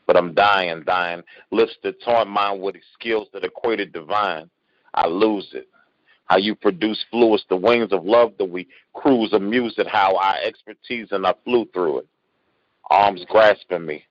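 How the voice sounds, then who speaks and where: A man with a fairly low voice recites his spoken word poetry slowly and with deliberate weight. He is a guest poet on an online call. The audio is dry and muffled, with the dull sound of a lo-fi call. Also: no room sound.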